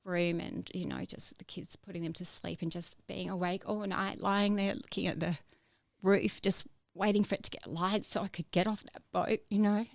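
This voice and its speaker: A woman telling her own story in a podcast interview, halting, with many fillers and restarts. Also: medium pitch, fairly even intonation, vocal fry, no room sound. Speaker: interview guest.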